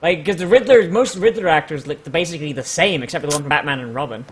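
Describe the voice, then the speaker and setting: A laid-back young man trades wry remarks on a casual podcast. His voice sits a little high, and faint background noise runs under it. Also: fast. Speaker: podcast co-host. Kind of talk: casual chat.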